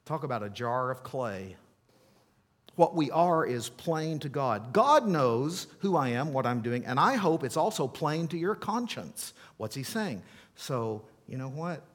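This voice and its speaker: Man preaching, middle-aged, animated and emphatic, playful asides, mid-pitched voice, long hall reverb. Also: unhurried. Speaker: pastor. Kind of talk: sermon.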